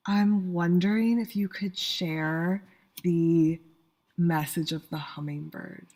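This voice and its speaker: A woman's voice: lowish voice, fairly even intonation, slow pace. A woman hosting a podcast, chatting casually and thanking her guest effusively. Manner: warm and effusive, thanks often. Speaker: podcast host. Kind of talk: casual interview chat.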